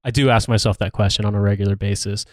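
A man's voice: fairly low pitch, fairly even intonation, fast, no echo, studio quality. A man co-hosting a podcast in casual chat, sardonic and profane, rambling through his stories. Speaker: podcast co-host.

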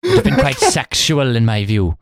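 A man co-hosting a podcast, making deadpan jokes in casual chat. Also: mid-range voice, normal speed, no echo, clean studio sound. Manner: deadpan joking. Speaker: podcast co-host.

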